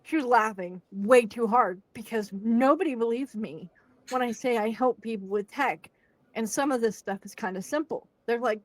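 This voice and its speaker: With a fairly high-pitched voice at a normal speed, a young woman podcast host recounts a story in casual conversation. She gets animated, performing the quotes and laughing as she goes, on a recording free of room sound.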